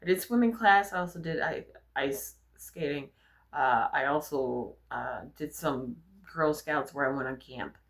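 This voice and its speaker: A young adult woman with a notably low, deep voice talks straight to camera. Her storytelling is candid and animated, full of casual profanity. It sounds like an unscripted personal vlog. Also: a little slow. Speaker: vlogger.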